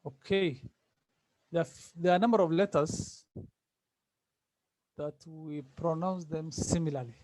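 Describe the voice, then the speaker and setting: A man leads an online class over a video call, patiently sounding out letters and names again and again. His voice sits a little high for a man. The sound is dry and close, with no room around it. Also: a little slow, pauses often, a little mellow, no echo. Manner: patient, repeats sounds for students. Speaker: Arabic teacher.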